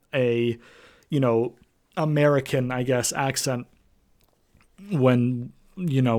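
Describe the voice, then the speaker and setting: A man talks through a wrestling show review on his own, in a mid-pitched, ordinary voice. He rambles loosely, filling gaps with ums and you-knows and letting the odd casual swear word slip. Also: a little mellow.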